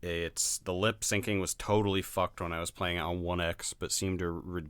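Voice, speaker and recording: A man co-hosting a podcast in casual chat, blunt and quick to laugh. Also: sits low, flat delivery, fairly bright tone, clear, resonant tone, no room sound. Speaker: podcast co-host.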